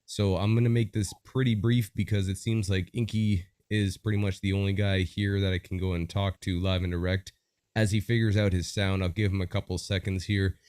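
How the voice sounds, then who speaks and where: A man hosting a battle livestream, upbeat and chatty with a rambling flow. His voice is low, recorded close and dry. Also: little pitch movement, brisk, darkish tone, smooth, no room sound. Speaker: livestream host.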